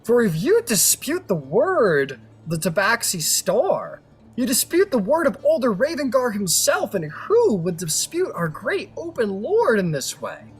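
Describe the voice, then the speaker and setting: A man's voice: huge pitch swings, measured pace, slightly rough, soft background music, full character voice. A man playing a scheming, rule-bending male lawyer in a tabletop game, speaking in a theatrical courtroom style. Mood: grandiose. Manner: theatrical courtroom oratory, booming objections. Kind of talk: tabletop role-play.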